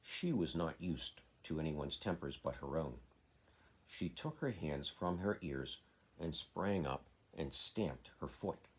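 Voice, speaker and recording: A man, a father, reading a children's classic aloud in a steady, plain way. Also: rumbling low, slow, husky. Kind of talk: storybook reading.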